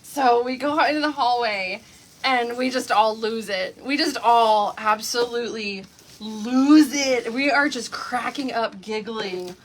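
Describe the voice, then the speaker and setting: A woman's voice: fairly high pitch, unhurried, slight background noise. A woman from Oklahoma, hosting a craft livestream and telling a story to her viewers in a chatty way, breaking into laughter often. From Oklahoma, USA. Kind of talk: casual chat on a livestream.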